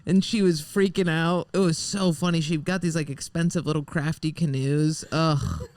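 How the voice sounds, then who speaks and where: A woman's voice: sits low, steady tone, normal speed, a little mellow, no room sound. A woman guest on a casual podcast, telling crude family stories bluntly and often breaking into laughter. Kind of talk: casual storytelling chat.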